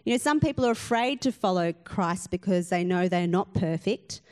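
A woman's voice: fairly low pitch, lively intonation, moderate pace, clean tone. A woman pastor, giving an earnest sermon full of rhetorical questions and emphatic repetition.

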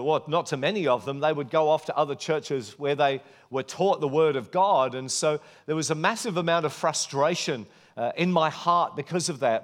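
A man preaching a sermon, telling a personal story in an earnest, conversational way. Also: a little high.

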